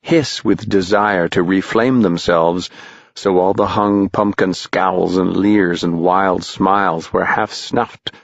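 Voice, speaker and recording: A man reads a story aloud in a measured, rhythmic way. His voice is deep and his pace unhurried. The recording is dry and dull, with muted highs. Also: steady tone, creaky, no echo. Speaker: audiobook narrator. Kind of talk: scripted story narration.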